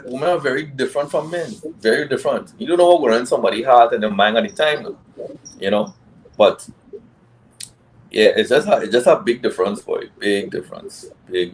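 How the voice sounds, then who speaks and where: A man talking on a casual men's panel, relaxed and rambling with many restarts. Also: medium pitch, brisk, a little hiss or hum, rough recording.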